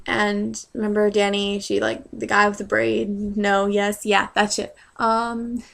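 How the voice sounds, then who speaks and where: A woman's voice: medium pitch, little pitch movement, a little slow, vocal fry, fairly bright tone. A young woman casually recapping a book chapter in a rambling, sarcastic way, full of fillers and side jokes. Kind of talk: casual chat.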